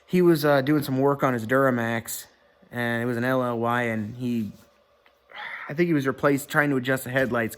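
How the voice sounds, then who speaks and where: A man's voice: medium pitch, fairly bright tone. Rambling, profane young-sounding man. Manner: rambling, profane, many fillers and restarts. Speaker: vlogger. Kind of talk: casual rambling commentary to camera. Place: indoor room at home. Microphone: webcam or computer mic.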